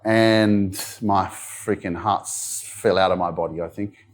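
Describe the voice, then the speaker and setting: A man's voice: low voice, steady tone, unhurried. A young Australian man giving a motivational talk at a live event. He tells a personal story candidly, with many fillers like "you know". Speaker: motivational speaker. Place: wellness centre event room.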